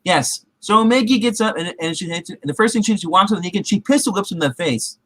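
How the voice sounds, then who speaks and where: A man's voice: high voice, animated, fast talker, fairly bright tone, no room sound. Rambling man recapping a show. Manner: rambling, heavy with fillers and restarts; acts out characters' quotes in his retelling. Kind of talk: casual TV recap chat.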